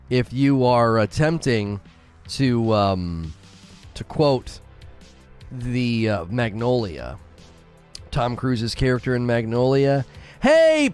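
A man streaming a game and chatting casually with his viewers, giggly and rambling, laughing often at his own jokes. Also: medium pitch. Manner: rambling, with many fillers and restarts. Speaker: game streamer talking to chat. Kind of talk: casual live-stream chat.

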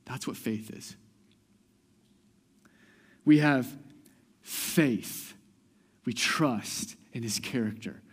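A pastor giving a sermon, talking conversationally with restarts and building to loud, emphatic passages. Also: male voice, mid-range voice, very slow, long pauses, slightly rough, in a large hall.

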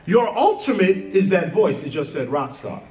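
A man hosting a podcast, leading listeners through a spiritual exercise in an earnest, animated way and laughing at his own asides. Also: high voice, normal speed, reverberant, far from the mic, poor audio. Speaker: podcast host. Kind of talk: spiritual talk with guided exercise.

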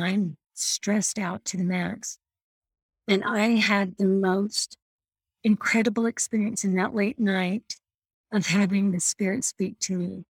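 A woman's voice: mid-range voice, no echo. A middle-aged woman telling personal stories about motherhood and faith in an earnest, storytelling way. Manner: warm, earnest storytelling with self-deprecating laughs.

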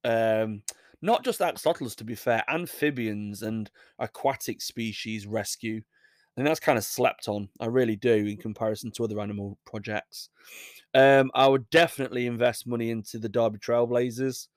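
Young English guy, casual host, rambling and jokey, mid-pitched, dry close mic. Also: normal speed, no room sound. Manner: rambling, jokey, laughs at his own asides. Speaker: podcast host reading news stories. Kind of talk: casual chat.

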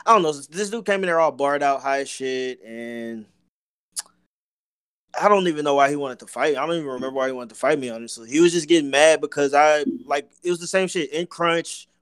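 A man's voice: a little high, brisk, fairly bright tone, smooth, no room sound, studio quality. A young man co-hosting a podcast in casual chat, swearing freely and calling his friend bro. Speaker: podcast co-host. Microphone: own mic, remote call.

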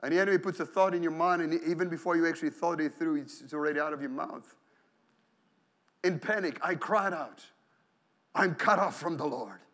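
This pastor has a high-pitched voice and moves fairly quickly as he preaches from the pulpit. Animated, he acts out prayers and inner thoughts in varied voices, with phrases that often stumble, repeat and restart.

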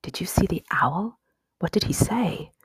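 A woman's voice: fairly low pitch, animated, a little slow, slightly rough, dry recording, in a whisper, heavily acted. A woman reading an audiobook, voicing a curious young boy who asks eager questions.

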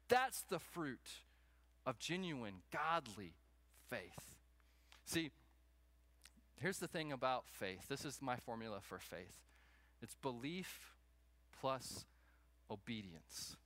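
A man preaching a sermon to a congregation, animated, acting out little scenes in raised voices. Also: medium pitch, slow, pauses often, dry recording. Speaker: pastor.

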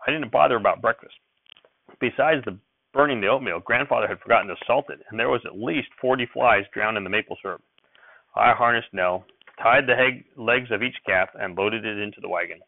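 A man reads a novel aloud in a steady, even narration, his voice gravelly and mid-pitched, now and then tripping and correcting himself. The recording is dry and thin, like a phone line. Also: fairly quick, no room sound. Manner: steady narration with small slips and self-corrections. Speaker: reader.

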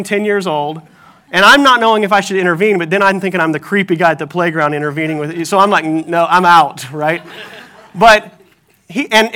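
High, bright-voiced male pastor preaching. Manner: animated storytelling with self-deprecating humor. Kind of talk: sermon.

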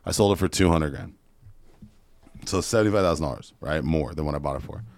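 A man telling a story in a casual podcast chat, animated and swearing freely. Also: a bass voice, no echo. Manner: fast, profane, animated storyteller. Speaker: podcast guest, real estate investor.

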